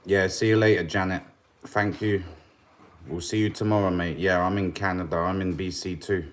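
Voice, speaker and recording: Deep-voiced Birmingham man, noisy homestead stream. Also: fairly even intonation, moderate pace. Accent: Birmingham English. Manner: chatty, laid-back, calls everyone mate. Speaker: homesteader hosting a livestream. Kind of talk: casual livestream chat answering viewer comments. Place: off-grid homestead kitchen with a wood stove.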